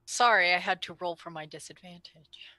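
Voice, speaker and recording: A woman's voice: lowish voice, moderate pace, sharp tone, no echo, poor audio. A woman playing a tabletop game, joking apologetically from off-mic. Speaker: player.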